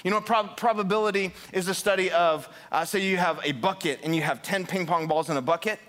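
A man preaching a sermon as pastor, energetic, building to fired-up emphasis and asking the congregation questions. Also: sits high, a little fast. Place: church sanctuary.

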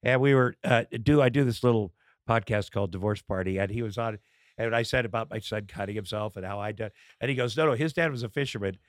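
A middle-aged man, a comedian and podcast guest, in casual chat, telling candid stories with halting fillers and acted-out dialogue. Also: lowish voice, steady tone, dry recording, clean studio sound.

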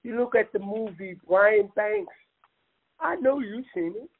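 A man's voice: very high voice, sing-song, unhurried, vocal fry, slightly rough. A man talking with passion, rambling and emphatic, often calling the listener "man". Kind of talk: impassioned casual talk. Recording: tinny phone-line audio.

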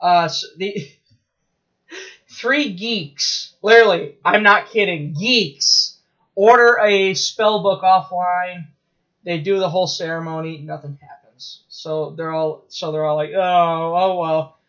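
Rambling excitable male podcaster, high voice, dull lo-fi sound. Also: slow pace. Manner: rambling, excitable storytelling with laughs and profanity. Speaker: podcast co-host. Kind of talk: casual chat.

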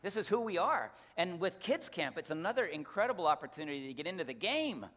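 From the pulpit of a church sanctuary, a male pastor gives a casual, folksy announcement and then leads a prayer. His high, slightly bright voice is very animated and quick, with restarts and asides, and the room adds a long reverb.

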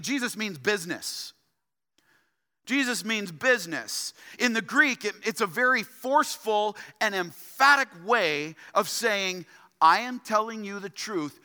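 A man's voice: sits high, sharp tone, long reverb tail. A man preaching a sermon as pastor, emphatic and fond of repeating key phrases for stress. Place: church sanctuary.

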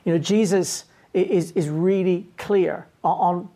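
A woman's voice: fairly low pitch, steady tone, measured pace, dark tone. A woman pastor giving an earnest sermon, often restarting and repeating words.

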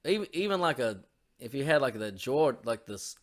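A man co-hosting a podcast who rambles in casual, profane talk. His voice sits at an ordinary male pitch. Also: very animated, brisk. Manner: crude, rambling, lots of swearing. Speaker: podcast co-host.

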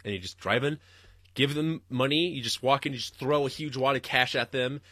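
A man's voice: mid-range voice, fairly quick, bright, forceful tone, dry recording, studio quality. A young man hosting a podcast, ranting and rambling solo with lots of swearing and laughter. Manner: rambling, profane, laughing ranter. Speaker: podcast host.

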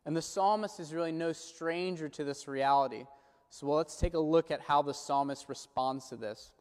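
A man preaching a sermon in a measured, earnest way, slowing down when he quotes prayers and scripture. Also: on the high side, a little mellow, smooth. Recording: long hall reverb.

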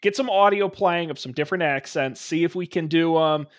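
A man's voice: a little high, a little fast. A man co-hosting a podcast in casual chat, upbeat, with hesitant fillers. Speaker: podcast co-host.

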